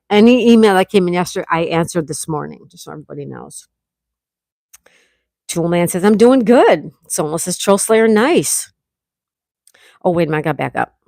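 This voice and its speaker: A middle-aged woman hosting a casual livestream, reading viewers' comments aloud and chatting back warmly. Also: fairly low pitch, dry recording, clean studio sound. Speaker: livestream host reading chat. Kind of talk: casual live chat.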